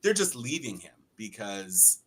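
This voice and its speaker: A man's voice: fairly low pitch, very animated, unhurried, slightly rough. A man co-hosting a casual political chat, wry and laughing as he acts out quotes. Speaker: podcast co-host.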